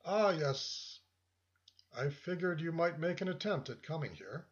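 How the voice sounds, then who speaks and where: A man voices a suave, condescending older gentleman with a walking stick, friendly but patronizing and calling the listener "son." His voice is a little high with lively intonation and an unhurried pace, captured in dull lo-fi audio.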